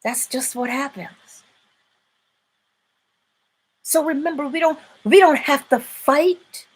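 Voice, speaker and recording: A woman hosting a live-stream inspirational talk, preaching in an animated way and laughing often. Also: high-pitched, takes it slowly. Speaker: inspirational speaker and host.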